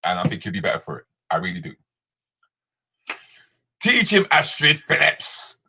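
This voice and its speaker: Guy hosting a live chat, mixed in, bright forward voice, ribbing everyone. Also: fairly high pitch, big pitch swings, normal speed, pauses often, breathy edge. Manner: banters with viewers by name, slips into Jamaican patois. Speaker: comedian host moderating a live chat. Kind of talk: casual live-stream chat reading comments.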